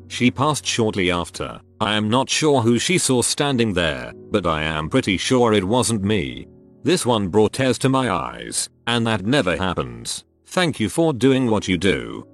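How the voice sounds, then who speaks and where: A man narrating forum stories aloud in a scripted reading. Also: lowish voice. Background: faint music.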